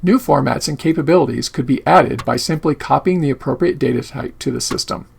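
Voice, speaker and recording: A man's voice: medium pitch, brisk, vocal fry, a little hiss or hum. A man narrating a scripted video essay as host of his channel.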